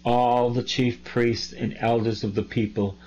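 A man preaching a sermon, reading scripture slowly and deliberately with emphatic asides. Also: mid-range voice, little pitch movement, a little mellow, a little hiss or hum. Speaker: priest. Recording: dull lo-fi recording.

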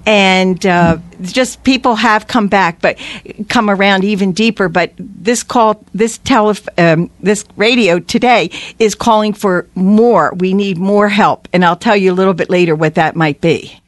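A woman's voice: medium pitch, measured pace, no room sound. Earnest woman telling a story on radio. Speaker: guest.

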